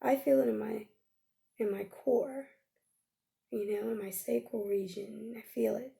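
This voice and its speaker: A woman coach guides listeners through a healing exercise, her voice sitting a little high but heavily gravelly with vocal fry. Her tone is mellow and relaxed rather than bright. She speaks gently and coaxingly, drawing out phrases and checking in often with a soft "okay?". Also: a little slow. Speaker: life coach.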